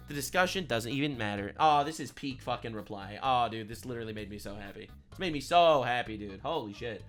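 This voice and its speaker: A man streaming a reaction to a video, ranting loudly and repetitively with plenty of profanity. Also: medium pitch, expressive, brisk, few pauses, soft background music. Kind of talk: heated reaction commentary.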